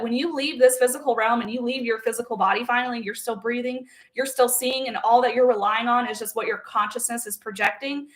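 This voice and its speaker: A woman's voice: a little high, fairly bright tone. A young woman talking straight to camera in a casual, blunt and profane monologue, stressing points and checking in with the listener. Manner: blunt and profane, emphatic with frequent "okay?" check-ins. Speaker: spiritual content creator.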